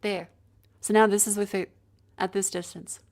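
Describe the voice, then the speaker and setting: This woman has a medium-pitched, slightly mellow voice with a level tone and moderate pace. She's a chatty streamer who rambles and jokes between checks, moving a handheld mic around during testing while chatting casually in her home streaming room.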